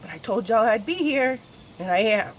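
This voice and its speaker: A woman talking candidly in a personal spiritual vlog, confessional and swearing freely, her voice swinging between soft and loud. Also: a little high, lively intonation, normal speed, slight background noise. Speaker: spiritual vlogger.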